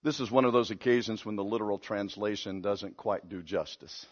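A man preaching a sermon, retelling a Bible story with lively acted-out voices and sudden swings between loud and hushed. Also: lowish voice, brisk, dull audio.

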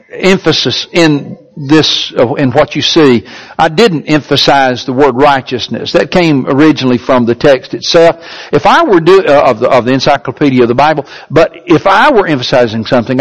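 A man with a notably high voice delivers a sermon. He leans hard on key words and slows down to stretch them out. When he reads a passage aloud his voice rises even further. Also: poor audio. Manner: emphatic, drawn-out stresses on key words; reads a definition aloud in a higher, lifted voice. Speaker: preacher.

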